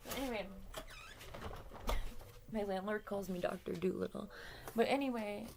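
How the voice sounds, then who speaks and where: A woman with a gravelly, creaky voice at a medium pitch, casually telling a story to her camera. She rambles, swears freely and laughs between lines. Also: moderate pace, noisy background. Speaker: vlogger.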